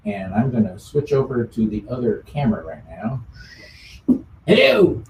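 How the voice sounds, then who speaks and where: A man hosting a music show in casual chat, easygoing, with many filler pauses. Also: mid-range voice, wildly swooping pitch, a little mellow, slight background noise. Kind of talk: casual chat about old songs. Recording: roomy sound from a distant mic.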